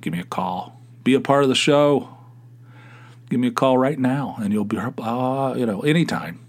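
A middle-aged man with an Appalachian accent, hosting his own podcast in a rambling, halting way with many fillers and restarts. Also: mid-range voice. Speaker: podcast host. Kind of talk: casual solo podcast monologue.

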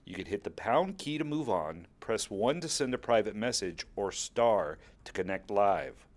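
A man telling a personal story in the first person, with wry, mocking asides, over a soft music bed. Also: lowish voice, animated, normal speed.

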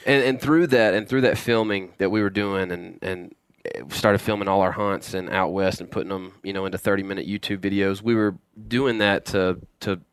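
Brief: low, gravelly but smooth male guest, halting storyteller, dry close mic. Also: fairly even intonation, dry recording. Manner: halting, many restarts and repeated words. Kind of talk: casual storytelling in a podcast interview.

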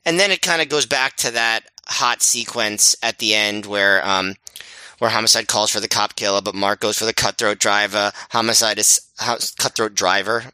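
A man's voice: lowish voice, moderate pace, bright, forceful tone, smooth, no echo. A man with a New York accent, co-hosting a casual podcast chat and rambling with lots of fillers. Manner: rambling, many fillers and restarts. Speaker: podcast co-host.

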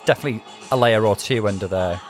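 A man, co-hosting a casual reaction chat with campy, excitable commentary. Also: on the low side, fast talker, soft background music. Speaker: podcast co-host.

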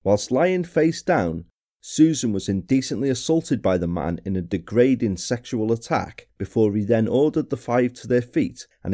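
Man narrating true crime, lively pitch. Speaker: podcast host.

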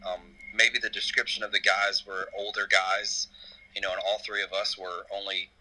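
A young man, a podcast guest telling a story in a halting way. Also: on the low side, level tone, sharp tone, a little hiss or hum, low-quality recording. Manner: halting, full of fillers and restarts. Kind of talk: casual podcast chat.

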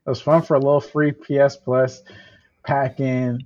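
A young man co-hosting a casual podcast chat, animated and joking, laughing often. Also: medium pitch, normal speed, no echo, highs cut off. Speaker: podcast co-host.

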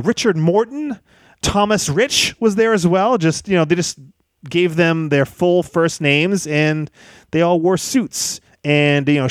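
A man hosting a podcast in a lively, chatty monologue, joking and laughing as he talks. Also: fairly high pitch, dry recording, clean studio sound. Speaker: podcast host.

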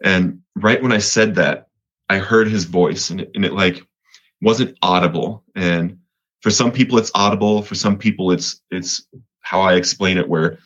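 A man's voice: sits low, normal speed, a bit bright, lo-fi sound. A man from Colorado, a podcast guest giving an earnest personal faith testimony, often restarting and repeating words.

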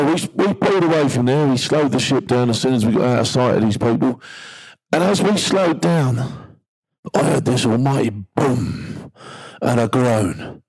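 A man's voice: medium pitch, gravelly, darkish tone, rough recording. A middle-aged man, a former maritime security guard, tells a tense first-person story in a blunt, vivid way and swears casually.

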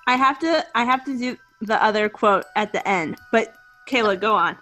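Woman on a podcast, friendly, kinda high voice, jokes about herself. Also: normal speed, pushed and bright, soft background music. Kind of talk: casual chat.

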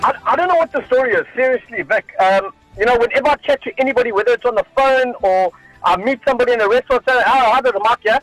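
A man's voice: very high voice, racing, fairly bright tone, faint music behind, low-quality recording. A South African man calling in to a radio show, good-humoured and laughing easily. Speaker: caller. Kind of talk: casual call-in chat.

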